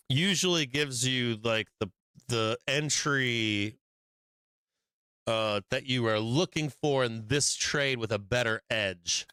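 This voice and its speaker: A man talks through stock charts in a blunt, rambling, profane way, with plenty of ums and asides. His voice is bright and smooth. It is recorded dry and close. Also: medium pitch, no room sound. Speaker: stock market show host. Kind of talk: casual trading commentary.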